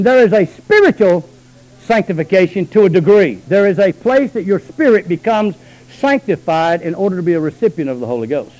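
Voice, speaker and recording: A high-pitched male preacher, delivering a sermon. He talks quickly and low in his asides, then climbs into long, shouted, stretched-out lines. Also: low-quality recording. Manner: swings from low talk to high shouted calls.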